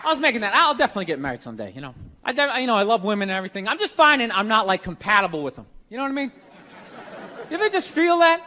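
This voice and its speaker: Middle-aged male stand-up; punchy sardonic rants, high and bright. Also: big pitch swings, racing, some chatter behind. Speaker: stand-up comedian. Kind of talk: stand-up comedy.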